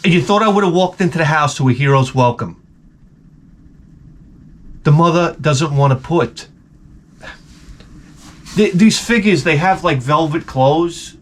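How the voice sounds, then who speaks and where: A man's voice: fairly high pitch, animated, a little slow, pauses often. A man vlogging with the flu, telling a comedic story in an exasperated, rambling, profane way. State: sick with the flu.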